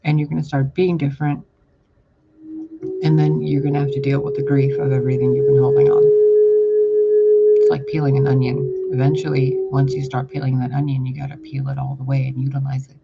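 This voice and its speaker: A man's voice: mid-range voice, lively intonation, a little fast, creaky, over loud music. A man delivering a casual channeled spiritual message, rambling and blunt, with casual swearing. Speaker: spiritual reader. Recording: dull lo-fi audio with loud background noise.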